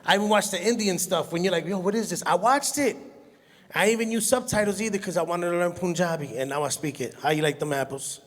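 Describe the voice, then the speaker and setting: A stand-up comedian, telling animated stories and laughing at his own jokes. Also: sits high, fast talker. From Brooklyn, New York. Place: comedy stage in a hall. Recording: long hall reverb from a live venue.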